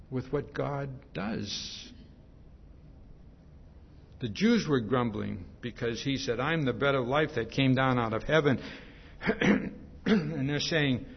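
A man's voice: medium pitch, creaky, breathy edge, big-room sound, lo-fi sound. A man preaching a sermon in a conversational way, often checking in with his listeners. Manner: conversational, repeats "see?" often.

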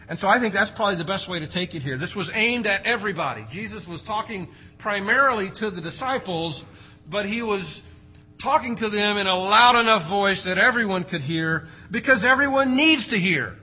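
Husky, bright-voiced male preacher. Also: high-pitched, rough recording. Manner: emphatic, rising and dropping for stress, rhetorical questions. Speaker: pastor. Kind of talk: expository sermon.

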